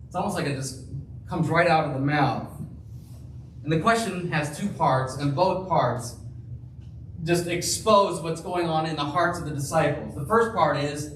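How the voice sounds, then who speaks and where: A man preaching a sermon as pastor, slow and emphatic, acting out the quoted lines. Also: sits high, lively intonation, fairly bright tone, slight background noise. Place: church. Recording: roomy, distant church sound with faint ambience.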